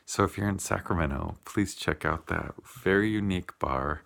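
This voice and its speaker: A man telling a heartfelt personal story in a vlog, unhurried, with many pauses and fillers. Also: low voice, fairly even intonation, gravelly, fairly bright tone. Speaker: vlogger.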